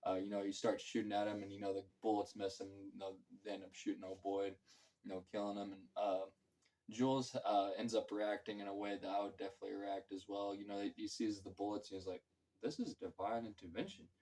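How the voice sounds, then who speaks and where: A man's voice: on the low side, monotone, quick pace, warm tone, low-quality recording. A man giving a casual, rambling film review, full of fillers and loose, profane talk. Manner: filler-heavy, loose and profane, acts out quotes. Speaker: movie reviewer.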